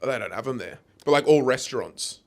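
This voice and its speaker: A man's voice: mid-range voice, brisk. A man co-hosting a podcast, in loose casual chat full of swearing and matey banter. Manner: swears freely, lively and matey. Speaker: podcast co-host.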